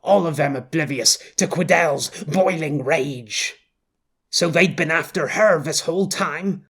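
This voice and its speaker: A man reading an audiobook as narrator in a measured, intense style. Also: on the high side, a bit bright, slightly rough.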